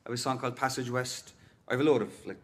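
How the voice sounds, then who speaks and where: Cork Irish man, middle-aged, mid-pitched, rambling casual interviewee. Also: rapid-fire, a bit bright. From Cork, Ireland. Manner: rambling and chatty, full of "like" and "you know". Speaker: singer-songwriter guest.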